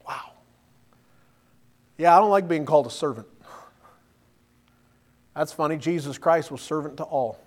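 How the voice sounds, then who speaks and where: A male preacher with a notably high voice delivers a lively sermon. He presses his listeners with rhetorical questions and reads verses aloud between his points. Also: unhurried, long pauses.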